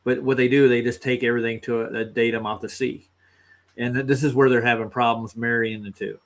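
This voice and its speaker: A man in a casual podcast chat, explaining a point in halting, repetitive phrases. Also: mid-range voice, little pitch movement. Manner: argumentative, halting explanations with repeated words.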